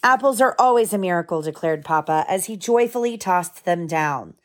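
A woman's voice: lowish voice, expressive. Mother reading a picture book aloud. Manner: pauses to explain the story to children in plain words. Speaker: mother reading to her children.

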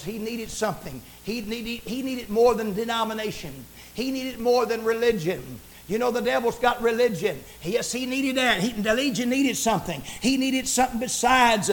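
A man with a strikingly high voice preaches a fiery sermon as a pastor. He rolls along in a rhythmic preaching cadence, circling back on his phrases and building up to shouted lines. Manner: repeats phrases, frequent "praise the Lord".

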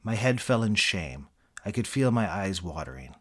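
A man narrating a comic memoir in a dry, deadpan scripted delivery. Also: lowish voice, moderate pace, noisy background. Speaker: audiobook narrator.

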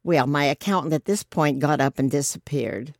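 A woman's voice: sits low, normal speed, no room sound, clean studio sound. A woman telling a casual anecdote in a chatty, easygoing way.

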